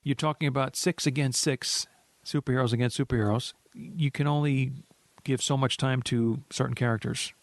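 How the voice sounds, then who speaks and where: Male podcast co-host, average pitch, dry close sound, measured and thoughtful. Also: steady tone, dry recording. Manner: measured, thoughtful, trails off into restarts. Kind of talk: casual movie discussion.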